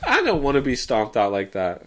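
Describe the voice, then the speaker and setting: A man's voice: medium pitch, wildly swooping pitch, a little fast, fairly bright tone, a little hiss or hum. A young man co-hosting a casual podcast, bantering loosely and swearing often. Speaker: podcast co-host.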